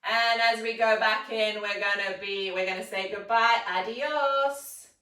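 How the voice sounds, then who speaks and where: A woman's voice: medium pitch, steady tone, unhurried, sharp tone. A woman teaching a children's yoga class, coaxing and playful, telling a little story as she guides the poses. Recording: roomy echo, mic set far off.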